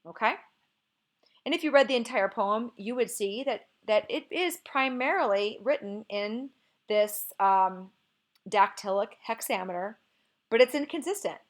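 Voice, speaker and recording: A woman's voice: a little high, lively intonation, measured pace. A woman teacher explaining poetic meter in a recorded lesson, patient and explanatory, often checking in with "okay".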